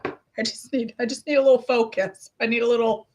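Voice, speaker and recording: A woman's voice: on the high side, fairly even intonation, brisk, a little hiss or hum. A middle-aged woman chatting casually as a health coach vlogger, rambling and self-deprecating as she talks to her viewers. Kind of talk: casual chat.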